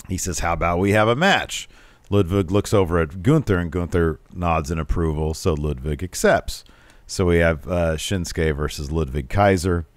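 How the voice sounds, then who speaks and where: A man co-hosting a podcast, casually recapping wrestling matches and acting out quoted lines with big jumps in his voice. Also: no room sound. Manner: animated, mimics quoted wrestlers with pitch jumps. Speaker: podcast co-host.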